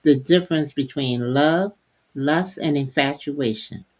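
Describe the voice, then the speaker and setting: A woman's voice: deep voice, a little slow. An older woman, the mother of one of the hosts, co-hosting a casual faith chat with short, earnest statements. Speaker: co-host, mother of a host.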